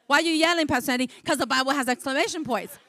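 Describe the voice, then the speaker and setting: High, fervent woman preaching. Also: racing, dry recording. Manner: fervent preaching, swings from soft to shouting. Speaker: pastor. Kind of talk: sermon.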